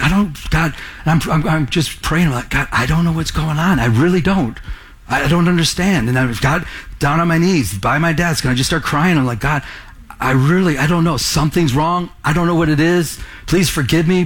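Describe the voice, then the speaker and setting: A middle-aged man preaching a sermon as a pastor, telling stories with lively acted-out dialogue. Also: mid-range voice, husky. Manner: animated storytelling, acts out dialogue.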